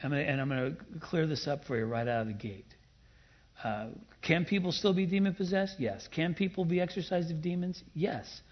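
A man preaching a sermon in an emphatic way, with playful asides and loud bursts of emphasis. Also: a little high, a little fast, dull audio. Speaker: pastor.

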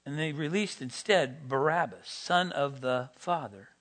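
A man preaching a sermon, rising to loud, emphatic peaks and then dropping back to quiet teaching. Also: fairly high pitch, unhurried.

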